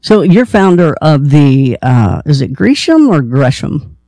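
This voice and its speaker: A man's voice: a little high, lively intonation, measured pace, dark tone, no room sound. A man interviewing a guest, asking loose, rambling questions in a casual way. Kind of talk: conversational interview.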